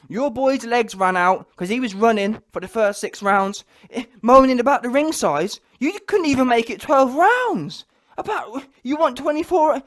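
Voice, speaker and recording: Heated man ranting about boxing. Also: very high voice. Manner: heated, blunt, repetitive, mocks others in quoted voices. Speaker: boxing reaction vlogger. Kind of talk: ranting reaction commentary.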